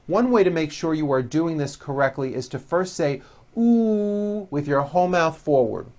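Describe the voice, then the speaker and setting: A man teaching English pronunciation, modelling drill words with slow, carefully over-articulated speech and explaining the sounds between them. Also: on the high side, animated, darkish tone.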